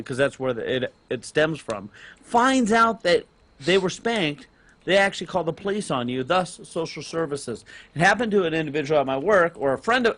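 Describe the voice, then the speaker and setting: A middle-aged man, telling a long personal story on a casual gaming podcast, rambling with restarts and getting loud on key points. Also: a little high. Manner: animated, rambling with restarts, rises loud on emphasis. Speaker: podcast co-host and parent.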